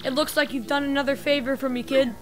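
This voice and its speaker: A sentimental old mob boss, as a woman puts him on for a game, talking in a gruff tough-guy drawl that drops its words. His voice sits fairly high for a man, with soft game music playing behind. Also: steady tone, fast talker, natural voice. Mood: jovial.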